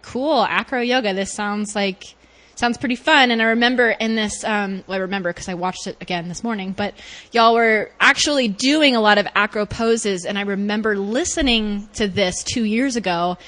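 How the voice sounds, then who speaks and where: A young woman hosting a podcast in a casual, bubbly chat, laughing often and swinging her pitch widely. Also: moderate pace, a bit bright. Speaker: podcast host and life coach.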